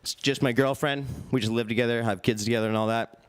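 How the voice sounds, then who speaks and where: A young man doing a stand-up set with a dry, deadpan delivery on a comedy club stage. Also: mid-range voice, fast talker, clean tone.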